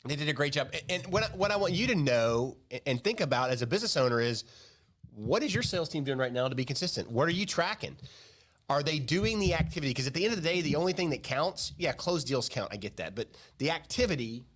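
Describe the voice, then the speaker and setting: Brief: man, fairly high voice, relaxed joking business co-host. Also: quick pace. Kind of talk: casual business chat.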